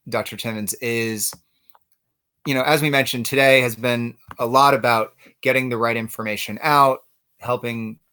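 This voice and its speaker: Male host, friendly, crisp and tense tone. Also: mid-range voice, pushed and bright. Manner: friendly, relays viewer comments. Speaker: interview host. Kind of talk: hosted interview.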